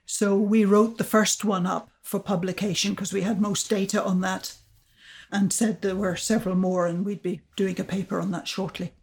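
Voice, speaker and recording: An older woman, an astrophysicist guest, recounting her discovery in a measured, explanatory way. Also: mid-range voice, level tone, darkish tone. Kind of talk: storytelling interview answers.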